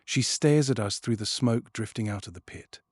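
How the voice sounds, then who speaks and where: Low husky male storybook narrator. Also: normal speed, no echo, clean studio sound. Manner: expressive, dropping to a hush at tense moments. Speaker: audiobook narrator. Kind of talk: first-person storybook narration.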